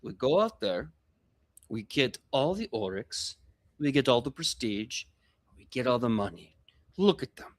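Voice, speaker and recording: A man's voice: mid-range voice, sing-song, a little slow. A man voicing a scheming, greedy male goblin gang boss who talks in a wheedling, persuasive way.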